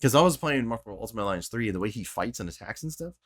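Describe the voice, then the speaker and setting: A man co-hosting a casual podcast, talking excitedly about movies, with lots of fillers and swearing. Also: fairly low pitch, very fast, no room sound, studio quality. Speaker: podcast co-host.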